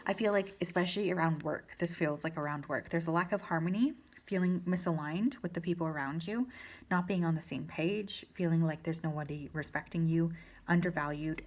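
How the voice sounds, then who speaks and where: A woman with a slightly low voice reads tarot cards for her viewers. She speaks gently and reassuringly, in a loose, chatty way with filler words. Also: steady tone, a little fast. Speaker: tarot reader. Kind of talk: channeled tarot reading.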